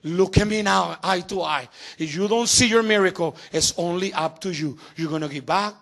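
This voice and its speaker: A man preaching in a church, his high voice gravelly and bright. He drops to near-murmurs, then climbs into shouted exhortations that ring with tension. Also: moderate pace. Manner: swings from quiet asides to shouted exhortation. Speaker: pastor. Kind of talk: sermon. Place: church sanctuary.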